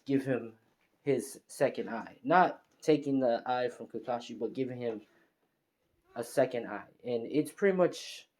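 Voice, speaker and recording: A man's voice: medium pitch, a little slow, a little mellow. A man casually narrating an improvised fan story, rambling with heavy fillers and restarts.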